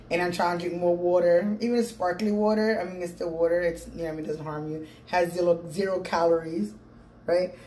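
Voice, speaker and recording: A woman's voice: fairly low pitch, darkish tone. A middle-aged woman rambling casually to her viewers in a mukbang vlog, calling them "people", recorded on a phone with a small mic at home. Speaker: vlogger. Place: room at home. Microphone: phone with small clip-on mic. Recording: echoey room, faint background hum.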